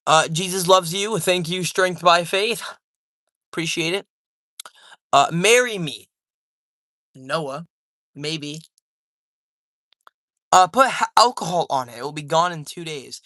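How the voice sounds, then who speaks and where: A man's voice: on the high side, sharp tone, no echo. Young guy rambling to his stream chat at home, slangy and loose, dry close sound. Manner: loose, rambling, slangy, calls chat man, dude, bro. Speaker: livestreamer reading chat. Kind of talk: casual livestream chat.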